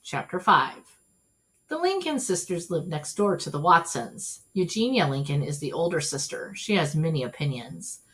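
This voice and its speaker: A woman reading a children's storybook aloud in an expressive, animated way. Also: low-pitched, moderate pace. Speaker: storybook reader.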